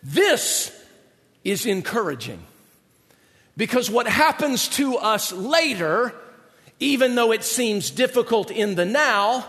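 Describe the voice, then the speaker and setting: A pastor preaching a sermon with an animated, dramatic delivery and joking asides. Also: male voice, very high voice, slow pace. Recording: long hall reverb.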